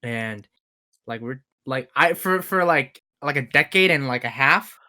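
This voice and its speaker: A man's voice: medium pitch, lively intonation, unhurried, pushed and bright. A young man co-hosting a podcast, chatting in a laid-back, slangy way and laughing often. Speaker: podcast co-host. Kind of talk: casual chat.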